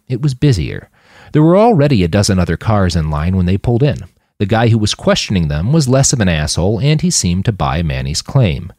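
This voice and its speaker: A man narrating his own fiction with expressive, scripted storytelling. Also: lowish voice, no room sound, studio quality. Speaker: author and narrator.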